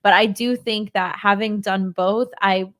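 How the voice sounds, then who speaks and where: A woman's voice: medium pitch, steady tone, measured pace, fairly bright tone. A woman co-hosting a casual podcast chat, bubbly and enthusiastic, giggling and peppering her talk with "like". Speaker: podcast co-host.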